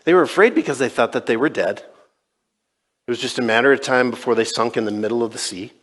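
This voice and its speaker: A man's voice: mid-range voice, brisk, a bit bright. A male pastor preaching a sermon in a conversational way, retelling scenes and voicing quoted dialogue. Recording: long reverb in a large church.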